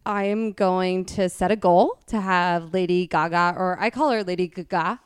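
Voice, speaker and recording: A woman's voice: on the low side, steady tone, a little slow, smooth, no room sound. A woman hosting a podcast, chatting and joking with a guest. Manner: bubbly and joking. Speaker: podcast host. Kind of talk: casual chat.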